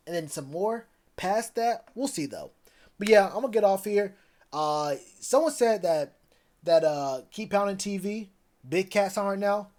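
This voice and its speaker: A man's voice: high-pitched, a little mellow. A man chatting loosely on a live stream about football, rambling with plenty of fillers. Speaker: sports streamer. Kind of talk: casual live stream chat.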